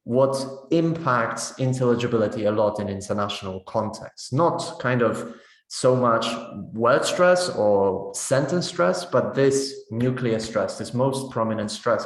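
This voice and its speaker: A man of middle pitch walks teachers through classroom pronunciation activities in a patient, explanatory way. He keeps checking in with listeners as he goes. The voice carries a noticeable room echo. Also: measured pace. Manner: explanatory, checking in with frequent "right?". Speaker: teacher trainer. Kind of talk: webinar teaching demonstration.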